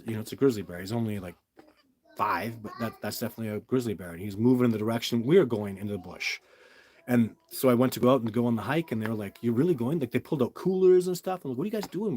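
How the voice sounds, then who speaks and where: A man's voice: fairly low pitch, darkish tone, breathy edge. A middle-aged man hosting a live question-and-answer stream, talking in an emphatic, rambling, storytelling way. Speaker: Bigfoot researcher answering viewer questions. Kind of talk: live stream Q&A, casual monologue.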